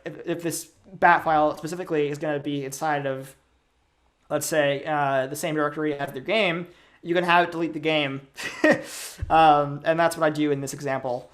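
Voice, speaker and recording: A man's voice: a little high, fairly even intonation, moderate pace, a bit bright. A young man giving a casual game-development workshop, rambling with lots of fillers and little chuckles. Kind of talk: casual technical talk.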